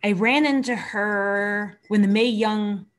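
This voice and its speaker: A woman's voice: mid-range voice, slow pace. A woman hosting a podcast, chatting casually about wrestling, laughing and acting out quotes in her stories. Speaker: podcast host, wrestling trainer.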